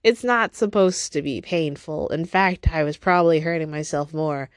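A woman's voice: low voice, moderate pace, dry recording, studio quality. A woman hosting her own podcast in a casual, rambling solo monologue from home, teary after crying, self-deprecating and stopping to talk to her cat. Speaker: podcast host.

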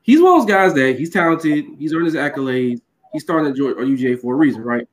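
A man's voice: a little high, lively intonation, fast talker. A male host breaking down a football matchup, laying out his point step by step in casual sports talk.

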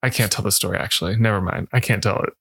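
Bright-voiced man co-hosting a film podcast. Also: fairly low pitch, very fast, gravelly, slightly rough, no echo. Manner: animated, storytelling, puts on voices. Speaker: podcast co-host. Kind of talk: casual movie podcast chat.

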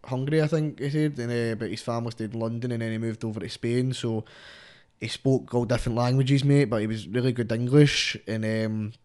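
A man's voice: mid-range voice, fairly even intonation, fairly quick, a little mellow, smooth. A young man with a Scottish accent, chatting casually as a guest rapper, rambling and swearing, with "mate" in nearly every line. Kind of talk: casual podcast chat.

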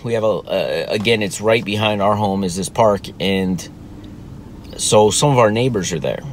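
A man's voice: fairly low pitch, normal speed, slight background noise. A man casually telling a story about his child, talking conversationally with frequent restarts and lots of reported dialogue. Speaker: father telling a parenting story.

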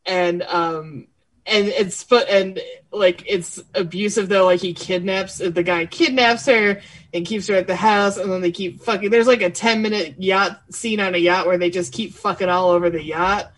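A woman's voice: mid-range voice, fairly even intonation, normal speed. A woman in a casual group chat about movies, who argues for her opinions. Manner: argumentative, defends her opinions. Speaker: podcast co-host.

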